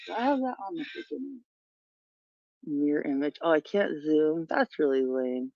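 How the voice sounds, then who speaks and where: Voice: mid-range voice, very animated, normal speed, vocal fry, no echo, lo-fi sound. A livestream host chatting casually outdoors in a yard, rambling and often trailing off mid-thought, recorded on a phone. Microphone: phone camera.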